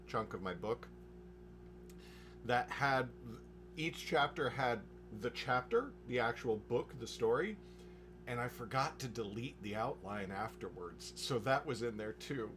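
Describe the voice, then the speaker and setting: A man talking casually while streaming his writing session, rambling with restarts and quick asides. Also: mid-range voice, expressive, a bit bright, faint music behind. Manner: rambling, with frequent restarts and chuckles. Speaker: novelist livestreaming his writing. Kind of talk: casual livestream chat.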